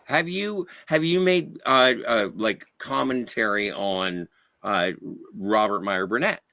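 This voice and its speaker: A man on a livestream panel, speaking haltingly as he makes his points and tells a story. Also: lowish voice, pushed and bright, no room sound, studio quality. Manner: halting, with many fillers and restarts. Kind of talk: panel debate and anecdote.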